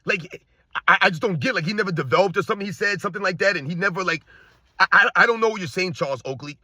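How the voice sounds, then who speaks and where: Husky guy ranting about sports, high lively voice, dry close sound. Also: fast talker, dry recording. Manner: heated, repetitive, exasperated rhetorical questions. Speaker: sports commentary host. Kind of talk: ranting commentary.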